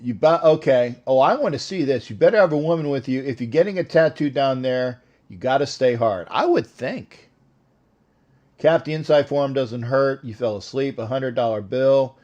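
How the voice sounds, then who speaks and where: A man's voice: mid-range voice, animated, normal speed, darkish tone, highs cut off. An older man hosting a sports show, rambling and joking with callers in a casual live-stream chat.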